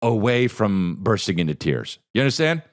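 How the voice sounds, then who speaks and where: A man hosting a podcast who tells a story in a casual, animated, profane way and acts out the voices of the people in it. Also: lowish voice, moderate pace. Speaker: podcast host.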